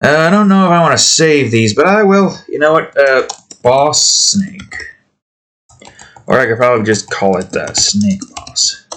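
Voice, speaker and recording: Slow, rambling man drawing on camera. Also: medium pitch, lively intonation, a bit bright. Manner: rambling, trails off and restarts. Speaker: art channel host. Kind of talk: casual talk while drawing.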